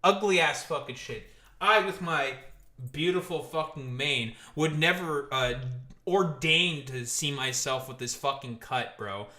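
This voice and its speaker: Laughing, mocking streamer man, bright voice. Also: on the high side, unhurried, roomy sound. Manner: mocking, profane, laughs a lot. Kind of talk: live stream commentary.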